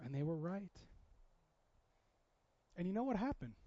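A man's voice: sits high, very animated, unhurried, warm tone, muffled recording, slight background noise. A man in his thirties preaching a conversational sermon, acting out quoted voices as he goes. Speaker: pastor.

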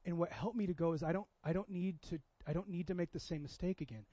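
Pastor, man, thirties, high tenor, chatty sermon delivery, dry and slightly dull recording. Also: fast, hardly any pauses, dark tone, slightly rough, no echo. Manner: conversational preaching, acts out quoted voices.

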